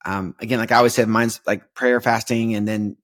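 A man's voice: lowish voice, fairly even intonation, fairly quick. A young adult man hosting a podcast, talking about faith in a casual, conversational way with many fillers and restarts. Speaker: podcast host.

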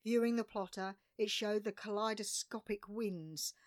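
A woman's voice: medium pitch, steady tone, normal speed, dry recording, clean studio sound. A middle-aged woman reading her own sailing story aloud, dramatic in tone with wry little asides. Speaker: sailor recounting a voyage. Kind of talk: scripted narration of a personal sailing story.

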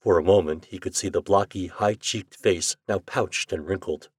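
Casting: male host-narrator, low husky voice, measured delivery, dry close recording. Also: no echo. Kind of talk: audio magazine narration.

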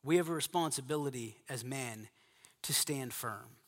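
A man's voice: mid-range voice, moderate pace, big-room sound. A middle-aged male pastor preaching emphatically to men, repeating his key phrases. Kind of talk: sermon to a men's gathering.

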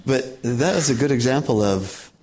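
An older man, a meditation teacher, telling stories in a calm, unhurried and amused way. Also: medium pitch. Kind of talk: reflective storytelling.

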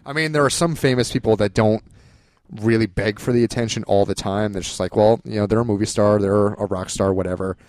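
Blunt young man with a low voice. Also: fairly quick, a little mellow, no room sound. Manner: blunt, opinionated. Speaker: podcast co-host. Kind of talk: casual chat.

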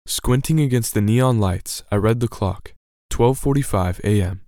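A man narrating a scripted devotional story in a measured, earnest way. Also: fairly low pitch, dark tone, dry recording, studio quality. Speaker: podcast narrator.

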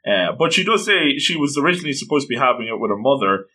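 A man's voice: medium pitch, big pitch swings, fast talker, sharp tone, low-quality recording. A man casually recapping an anime episode with enthusiastic, gushing commentary. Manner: enthusiastic, gushing, acts out quotes.

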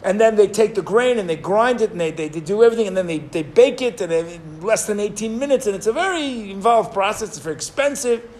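A man teaching a Torah class, telling a story in an animated, digressive way and acting out the people in it. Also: sits high, fast talker, hardly any pauses. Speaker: rabbi teaching.

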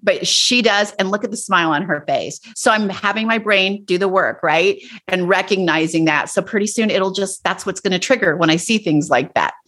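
A woman in her fifties, a guest in a casual conversation, talking earnestly and telling stories with lively asides. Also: medium pitch, normal speed, few pauses.

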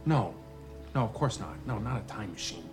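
A man's voice: lowish voice, lightly acted. Actor as a nervous, rambling male hero; film clip under a music score. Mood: flustered. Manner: halting, self-interrupting, nervous excitement. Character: rambling, awkward, excitable adult male hero.

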